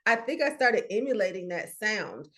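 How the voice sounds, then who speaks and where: A woman's voice: medium pitch, moderate pace. A woman from Atlanta with a Southern US accent, co-hosting a casual podcast and telling a story with frequent laughter. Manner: animated storyteller, laughs often. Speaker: podcast co-host.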